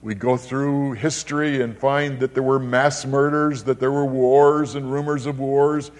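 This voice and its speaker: An older male preacher delivering a sermon in an emphatic, dramatic way. His voice sits in an ordinary middle pitch, but he swings widely between loud, high emphasis and low, hushed phrases, and he often repeats his words for weight. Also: level tone, unhurried.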